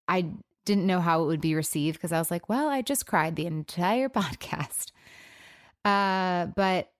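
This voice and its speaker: A woman hosting her own podcast alone, speaking in an emotional, subdued way, halting, with many fillers and restarts. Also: fairly low pitch, smooth, no room sound, clean studio sound. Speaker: podcast host. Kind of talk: personal solo podcast talk.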